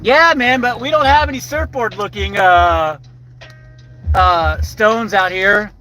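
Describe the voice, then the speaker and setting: A man's voice: high voice, takes it slowly, bright, forceful tone, rough recording. An older man rambling in a casual live-stream chat while driving, swearing freely and talking to his viewers by name.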